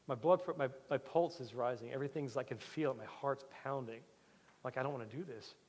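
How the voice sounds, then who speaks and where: A man's voice: mid-range voice, a little fast. Male pastor preaching in a reverberant hall. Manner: animated storytelling, swinging loud and soft. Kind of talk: sermon. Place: church sanctuary. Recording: church hall with long reverb.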